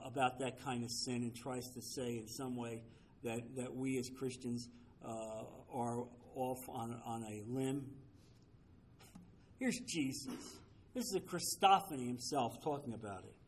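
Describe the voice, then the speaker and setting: A man's voice: medium pitch, normal speed, a little hiss or hum. A man teaching a Bible study, emphatic, often checking with his listeners through rhetorical questions.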